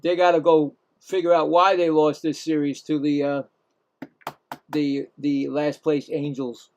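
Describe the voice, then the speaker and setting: A man's voice: a little high, little pitch movement, unhurried, darkish tone, slight background noise. A man hosting casual live baseball play-by-play, rambling, self-mocking, and often stumbling and correcting himself. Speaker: play-by-play host.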